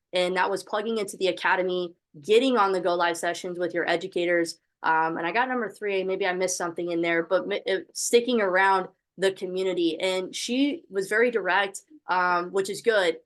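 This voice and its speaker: A young woman hosting a motivational video call, encouraging and full of faith-filled fervor. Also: on the low side. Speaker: host of an online training call. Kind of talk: motivational pep talk on a call.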